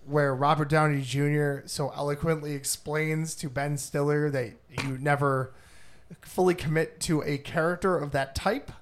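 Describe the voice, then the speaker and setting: A man co-hosting a casual movie podcast, animated and often laughing as he acts out scenes. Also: on the high side, normal speed. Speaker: podcast co-host. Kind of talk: casual chat.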